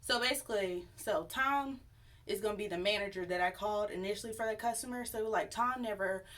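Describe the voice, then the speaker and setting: A young woman telling a personal story to her viewers in a chatty, animated, sassy way. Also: mid-range voice, a little fast. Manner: chatty, animated, sassy retelling with acted quotes. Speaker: YouTube storyteller. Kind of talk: casual storytime vlog.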